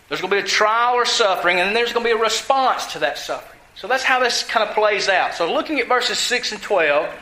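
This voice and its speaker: A man delivers a teaching sermon in a high, bright, forceful voice. He keeps asking the congregation questions and then answers them himself. His voice rings through an echoey church room. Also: slight background noise. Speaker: pastor.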